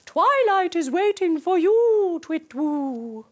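A woman's voice: very high-pitched, sing-song, takes it slowly, a little mellow, pitched above the performer's own voice, full character voice. A woman voicing a friendly male owl in a children's yoga story, in a sing-song hooting manner. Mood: cheery hooting.

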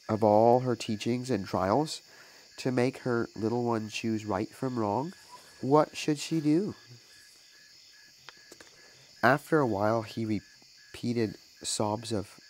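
A man, a minister, reading a moral story aloud in a slow, deliberate manner. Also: lowish voice, a little mellow, a little hiss or hum, poor audio.

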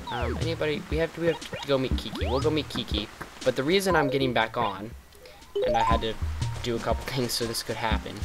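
A man's voice: medium pitch, low-quality recording. Chatty man narrating a cozy game. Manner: chatty, rambling, playfully sarcastic. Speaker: gaming vlogger. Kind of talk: casual let's-play commentary. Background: loud game music.

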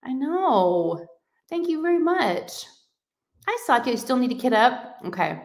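A woman's voice: high-pitched, a little slow. Gushing woman livestreaming. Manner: gushing, excitable, effusive. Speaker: livestream host of a crafting channel. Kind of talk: casual livestream chat reading comments.

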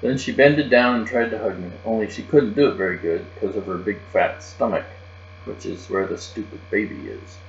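A man's voice: fairly low pitch, moderate pace, gravelly, faint music behind. A man narrating a children's book aloud in a childlike first-person storytelling manner. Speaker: audiobook reader. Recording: roomy, dull, with mains hum.

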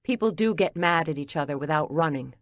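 A woman's voice: low-pitched, lively intonation, brisk, dry recording, clean studio sound. A woman reading an audiobook, voicing a hurt, angry man who speaks in a brusque, cutting way. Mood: bitter. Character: angry wounded man arguing with his ex.

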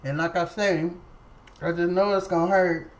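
A woman's voice: lowish voice, steady tone, normal speed, rough recording. A woman vlogger telling a casual story at home to the camera, chatty and repetitive, talking straight to her viewers. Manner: chatty, repeats herself, addresses viewers as y'all.

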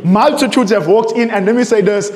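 A man preaching with a high, urgent voice, asking questions and then answering them himself. The sound is roomy and echoes with a long reverb. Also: fairly quick, darkish tone. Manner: emphatic, repeats phrases, asks rhetorical questions. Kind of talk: sermon with readings.

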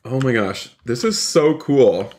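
A man streaming a role-play game live, excitable, talking to his chat and repeating himself. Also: medium pitch, takes it slowly, noisy background. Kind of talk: live gameplay commentary.

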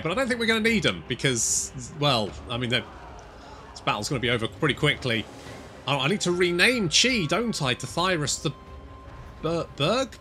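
Man, gameplay commentary, animated and bright, very sweary, game music faint behind. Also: fairly high pitch. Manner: excitable, sweary, talks to units. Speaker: gaming channel host.

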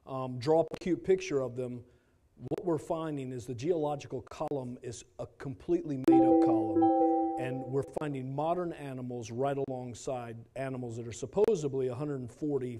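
A man speaking to a church congregation in a relaxed teaching talk, his voice sitting a little high and sounding soft and mellow. He talks conversationally and slips in wry asides as he goes.

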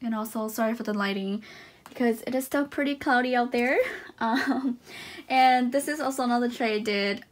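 Young woman, slightly high voice, casual unboxing vlog, excitable, gushing, lots of fillers. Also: moderate pace. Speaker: unboxing vlogger.

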